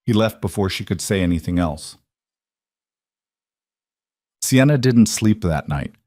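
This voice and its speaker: A man narrating a dramatic story in an even, measured way. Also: fairly low pitch, no echo, clean studio sound.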